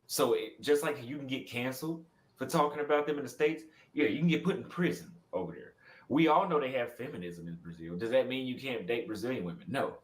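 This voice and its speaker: A man's voice: medium pitch, lively intonation, brisk, poor audio. A man giving casual, opinionated dating commentary in a matter-of-fact way.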